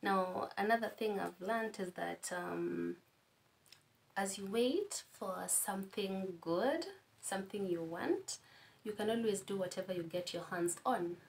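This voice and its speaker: A young woman with a Kenyan accent talks through her advice in a relaxed, friendly way. She tosses in warm asides and laughs at her own stories, at a middle pitch. A faint hum sits behind her. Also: a little slow, vocal fry. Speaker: guest. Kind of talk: casual advice-giving conversation.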